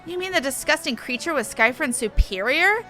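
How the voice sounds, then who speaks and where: A prim, sniffy female scholar from a fantasy game, read aloud by a woman. She talks in formal, old-fashioned phrasing with a bright, fairly high voice, and faint game music plays behind. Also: animated, moderate pace. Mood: grudging. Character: haughty, prim female scholar, reluctant and fussy. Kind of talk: reading game dialogue aloud.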